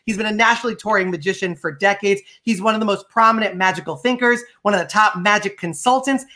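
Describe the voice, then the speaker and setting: A woman hosts her interview show with a bright, crisp voice. She talks with bubbly energy and laughs easily between questions. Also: medium pitch, fast. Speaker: podcast host. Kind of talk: upbeat interview hosting.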